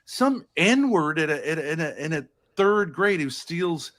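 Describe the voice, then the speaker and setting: A man's voice: fairly high pitch, lively intonation, a little slow, a bit bright. Blunt, swearing man arguing on stream. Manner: blunt, confrontational and profane. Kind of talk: heated argument on a live stream.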